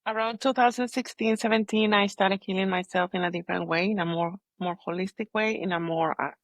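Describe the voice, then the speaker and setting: A woman's voice: medium pitch, fairly even intonation, brisk, dry recording. A woman talks through her personal story in a candid podcast conversation. She halts and searches for words, but stays earnest throughout. The sound is dry, with no room around her voice. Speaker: podcast guest, holistic healer.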